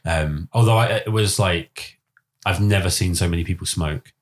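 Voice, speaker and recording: A young man with a southern English accent hosts a relaxed podcast chat. His voice is very low. He tells stories with energy, slipping into other people's voices and laughing often. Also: normal speed. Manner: animated storyteller, acts out voices, laughs often. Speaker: podcast host.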